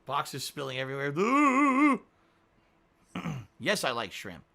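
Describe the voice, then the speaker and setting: A man streaming live, reading chat aloud and mocking trolls in an animated, laughing way. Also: mid-range voice, a little fast, vocal fry.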